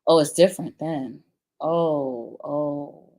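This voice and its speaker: Lower-pitched woman, cussing and sarcastic, reacting to a clip. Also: normal speed, a little mellow. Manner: blunt, profane, sarcastic. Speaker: commentary host. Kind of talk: reaction commentary.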